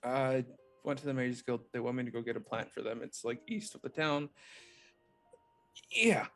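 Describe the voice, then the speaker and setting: A man's voice: mid-range voice, big pitch swings, normal speed, creaky, a bit bright, soft background music. A man playing a tabletop role-playing game, rambling and restarting phrases as he talks. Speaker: player. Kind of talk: casual tabletop role-play.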